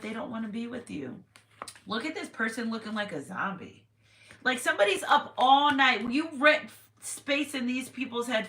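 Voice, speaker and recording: Chatty woman reading tarot, bright voice. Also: medium pitch, animated, moderate pace. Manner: chatty, repetitive, with sudden exclamations. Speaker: tarot reader. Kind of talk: casual tarot reading to viewers. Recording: echoey room with faint noise.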